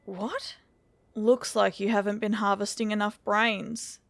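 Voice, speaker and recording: A woman's voice: medium pitch, little pitch movement, measured pace, creaky, a bit bright, no echo. A woman reading as a bored, menacing unkillable man. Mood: scornful. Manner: scornful, coolly threatening.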